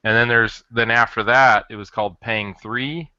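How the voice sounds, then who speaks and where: A man co-hosting a casual podcast chat, rambling and halting, restarting his sentences often. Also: medium pitch, fairly even intonation, sharp tone, smooth, no room sound. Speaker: podcast co-host. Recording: dull lo-fi dry audio.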